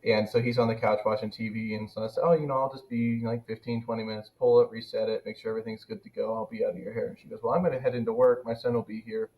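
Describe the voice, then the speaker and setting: A man casually telling a funny work story on a podcast, animated and laughing as it builds. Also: fairly low pitch, quick pace, hardly any pauses, poor audio. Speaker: podcast co-host.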